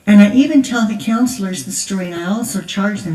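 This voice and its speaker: A woman's voice: medium pitch, fast, few pauses, recorded from a distance. Older woman telling ranch stories in an echoey hall. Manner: chatty, laughing, animated storytelling. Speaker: conference speaker. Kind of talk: storytelling testimony. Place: large church hall.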